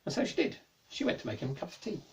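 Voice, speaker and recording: A man telling a folk tale aloud in a playful, animated way. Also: sits high, racing, creaky, distant mic. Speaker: storyteller. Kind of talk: oral folk-tale storytelling.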